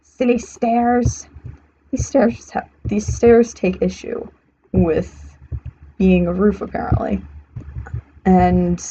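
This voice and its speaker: A young woman talks herself through a building game on stream, correcting herself mid-sentence as she goes. She's slow and mellow, with a fairly low, fairly even voice and long pauses. Her stream audio is a bit muffled and carries a faint hiss.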